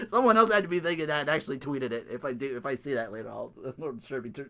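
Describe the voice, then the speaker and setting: A man's voice: medium pitch, quick pace, pushed and bright. A young man recapping a wrestling match in a casual, rambling way, swearing often, laughing a lot and trailing off mid-thought. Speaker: wrestling reaction vlogger.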